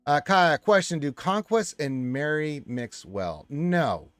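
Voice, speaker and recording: Casual male stream host, lively delivery, dry sound, faint music. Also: slow pace, dry recording. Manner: reads chat aloud with lively swings in pitch and loudness. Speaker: livestream host reading chat. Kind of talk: casual chat.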